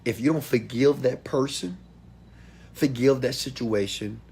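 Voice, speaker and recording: A man giving a motivational talk to an audience, preachy and direct, swinging from loud calls to hushed asides. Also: mid-range voice, a little slow, slightly rough. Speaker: motivational speaker.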